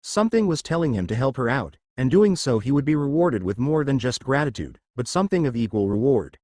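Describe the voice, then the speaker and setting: A man narrating a fan fiction story in an even, unhurried reading voice. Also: mid-range voice, no echo, studio quality.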